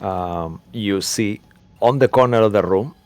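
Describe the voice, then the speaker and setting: A man's voice: lowish voice, a little slow, a little mellow, clear, resonant tone, dry recording. A man narrating a tabletop game as game master, rambling with many fillers.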